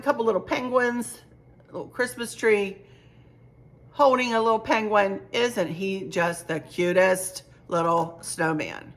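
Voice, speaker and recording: A woman's voice: on the high side, creaky. A middle-aged woman chatting casually to camera about a shopping haul, chatty and gushing, often repeating herself. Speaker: home decor vlogger.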